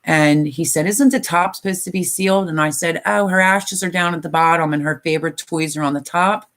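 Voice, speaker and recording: A woman's voice: fairly low pitch, steady tone, brisk, a bit bright. An older woman chatting casually on a live stream, tired and emotional, rambling with many fillers. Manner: emotional, rambling, tearful at times.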